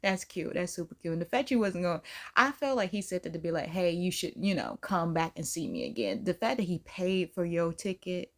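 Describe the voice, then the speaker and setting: Animated woman, reaction host. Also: fairly low pitch, fairly quick. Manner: animated, laughing, slangy storytelling. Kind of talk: casual chat.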